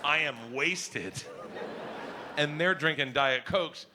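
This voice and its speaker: A man telling a stand-up story, loud and animated, shouting as he acts out lines. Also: a little high, takes it slowly, background noise. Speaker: stand-up comedian.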